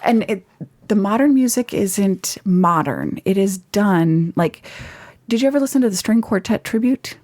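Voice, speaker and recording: A woman guest, an actress, chatting in a casual interview in an animated, talkative way. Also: mid-range voice, normal speed. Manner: chatty, animated, laughs easily.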